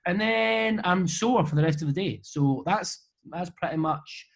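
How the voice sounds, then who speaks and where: A Scottish man with a high-pitched, expressive, creaky voice speaks a little slowly while answering fan questions as an interview guest on a video call. His rambling chat is casual, jokey and self-deprecating, and the webcam recording is low quality.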